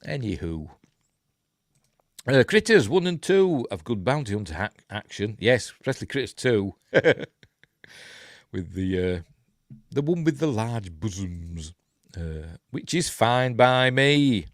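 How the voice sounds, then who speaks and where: A man's voice: on the low side, big pitch swings, unhurried, pauses often, dry recording, clean studio sound. Yorkshire man rambling through a film review. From Yorkshire, England. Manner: rambling, chuckling asides, many fillers. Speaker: host of a film review show. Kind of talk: casual film breakdown, chatting with live viewers.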